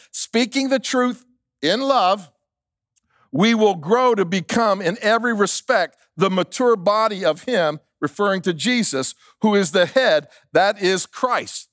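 A man's voice: sits high, measured pace, fairly bright tone, dry recording, clean studio sound. A male pastor preaching a sermon, emphatic, repeating key lines and asking the congregation questions.

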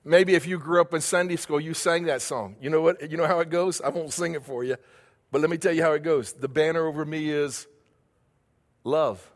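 A man's voice: a little high, fast talker, long reverb tail. A male pastor delivering a sermon, building emphasis with repeated phrases and questions to the congregation.

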